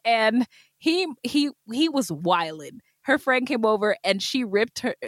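A woman's voice: fairly high pitch, animated, measured pace, no room sound, studio quality. A woman co-hosting a true crime podcast, chatting casually, rambling and laughing often. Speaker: podcast co-host. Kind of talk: casual chat.

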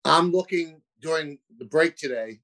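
A man's voice: a little high, normal speed, fairly bright tone, low-quality recording. A man guesting on a talk show, a broadcaster chatting casually and self-deprecatingly, often restarting his sentences. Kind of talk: casual interview chat.

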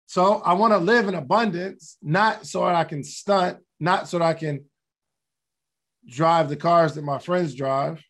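A man's voice: on the high side, measured pace, fairly bright tone. A man hosting a podcast, giving casual motivational talk, repeating his key questions and laughing at himself. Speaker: podcast host.

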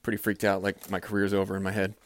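A man's voice: low voice, completely flat delivery, fast talker. A man in his thirties, a former teacher, telling a story casually and animatedly, swearing and acting out the people he quotes.

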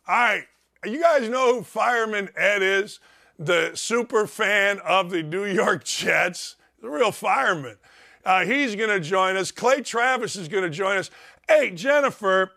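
A man hosting a sports talk show, ranting sarcastically and mocking with loud outbursts. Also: high voice.

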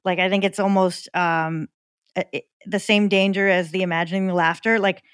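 A woman's voice: lowish voice, fairly even intonation, moderate pace, clear, resonant tone, dry recording, clean studio sound. A woman, a comedian guest on a podcast, talking animatedly with many "like"s and laughing asides. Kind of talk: casual chat about comedy.

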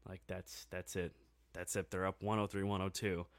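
A man co-hosting a sports podcast, telling a game story in a casual, excitable way with lots of fillers. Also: low-pitched, moderate pace, dry recording.

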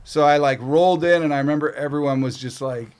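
A middle-aged Canadian man, a podcast guest, tells stories casually in a fast, fairly even voice that sits on the high side, with a clean, darkish tone. He swears freely and acts out what other people said.

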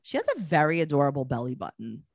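Co-host: woman, teasing and playful, lively pitch, dry close sound. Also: fast, dry recording. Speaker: podcast co-host. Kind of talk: casual podcast chat.

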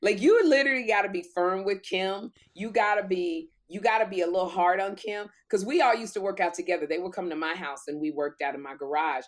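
Middle-aged woman host, casual chat, animated storyteller, a bit winded, mid pitch. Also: a little fast, few pauses. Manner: animated storyteller, acts out quoted voices. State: out of breath. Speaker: talk show host.

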